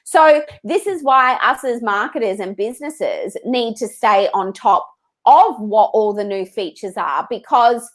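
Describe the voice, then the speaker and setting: A woman, a podcast guest explaining Instagram marketing in a lively, emphatic way. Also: fairly high pitch. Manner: lively, emphatic, acts out quoted thoughts. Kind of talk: casual interview answers.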